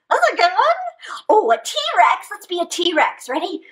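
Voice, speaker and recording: A woman's voice: sits high, a little fast, low-quality recording. A woman hosting a children's story time, playfully leading pretend games and telling a story in a sing-song way. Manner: playful, animated, leads children in pretend play. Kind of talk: live kids' story time reading.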